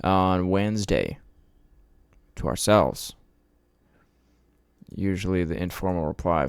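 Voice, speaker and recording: A man's voice: low voice, animated, takes it slowly, long pauses, a little mellow, clean tone, no echo, clean studio sound. A man hosting his podcast, ranting in a casual, profane, sarcastic and rambling way. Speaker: podcast host.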